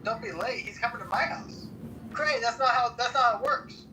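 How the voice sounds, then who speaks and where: A young man bantering and mocking people on a live audio chat, joking loudly with sudden outbursts. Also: very high voice, brisk, far from the mic, a little hiss or hum, low-quality recording. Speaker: chat room participant.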